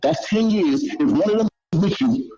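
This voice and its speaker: A man's voice: sits high, animated, moderate pace, mellow. A man telling stories in a casual, swearing, repetitive street-talk manner. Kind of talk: casual storytelling. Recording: dull lo-fi clip audio.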